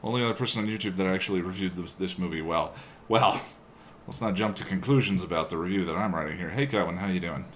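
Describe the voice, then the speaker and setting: A man's voice: low-pitched, fast talker, slight background noise. A man live-streaming his video editing, chatting casually with viewers and muttering to himself while he works at a home desk.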